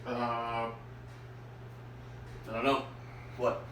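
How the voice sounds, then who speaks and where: A man giving short, drawn-out replies to a joke teller. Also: medium pitch, monotone. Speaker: listener answering the joke teller. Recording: loud crowd noise behind.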